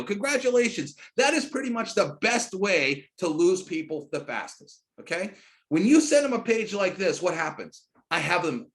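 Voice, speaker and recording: A middle-aged man giving a screen-share sales training, hyped and emphatic, talking in rapid runs that jump into loud, high bursts. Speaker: network marketing trainer.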